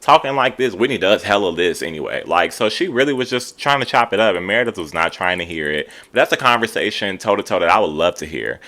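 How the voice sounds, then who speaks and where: A man giving an animated, gossipy recap of a reality TV episode, full of slang. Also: low-pitched. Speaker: TV show reviewer.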